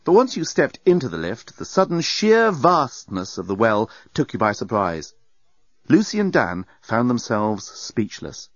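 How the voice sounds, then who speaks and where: Expressive male audiobook narrator. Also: medium pitch, a little slow, dry recording. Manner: expressive, wry storytelling. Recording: dull, muffled sound.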